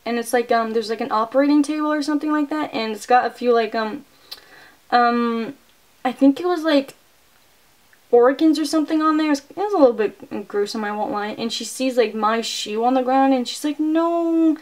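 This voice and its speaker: A young adult woman reviewing a movie, retelling the plot in an excitable, casual way and filling her sentences with "like". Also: a little high, a little fast. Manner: chatty and excitable, heavy use of "like" fillers.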